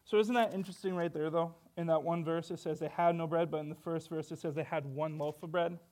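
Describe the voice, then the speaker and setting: High-voiced young male preacher. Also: fairly even intonation, fast talker, darkish tone. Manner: earnest, rhetorical questions, reads scripture aloud. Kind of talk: sermon.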